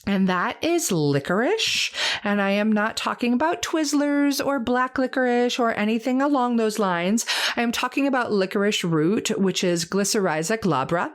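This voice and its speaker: A woman's voice: a little high, expressive, moderate pace. A young adult woman hosting an herbal podcast, chatting casually and eagerly with lots of fillers. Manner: chatty, enthusiastic, many fillers.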